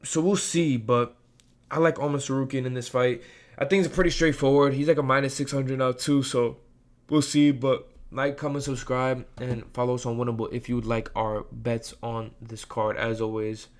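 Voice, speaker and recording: A man's voice: mid-range voice, fairly even intonation, moderate pace. A man hosting a casual fight-predictions video, talking in a slangy, rambling way and calling the listener "bro" often. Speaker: host of fight prediction channel. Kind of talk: casual sports predictions talk.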